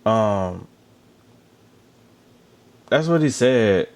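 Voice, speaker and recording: Casual male recap host with a low voice, animated delivery, chatty asides. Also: very slow. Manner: animated, chatty, with asides about drinking water and lotion. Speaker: reality show recap host.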